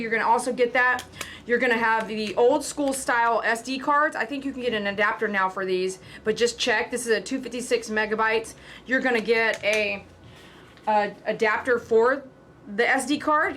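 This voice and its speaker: A woman pet groomer hosting a casual livestream, talking loud and chattily to her viewers and pitching a sale. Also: a little hiss or hum. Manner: loud, talkative.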